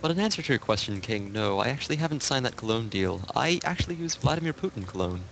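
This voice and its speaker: A man banters as a guest on a stream, deadpan and mock-serious. He talks quickly with a lively, swinging pitch. Clear noise sits under his voice. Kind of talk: casual chat. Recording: noisy mic line.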